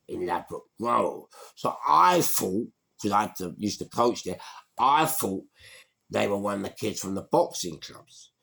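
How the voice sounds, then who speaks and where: A man in his sixties with a London accent, telling a street story in a slangy, animated way. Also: on the low side. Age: 60s. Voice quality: gravelly. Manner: animated, slangy, acts out voices. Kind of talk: storytelling monologue.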